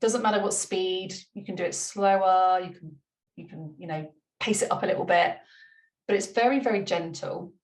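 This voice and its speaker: A woman coaching a tapping routine in a chatty, light-hearted way, repeating gentle step-by-step instructions and laughing at herself. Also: lowish voice, moderate pace. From United Kingdom. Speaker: money mindset coach. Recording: roomy room, mic at a distance.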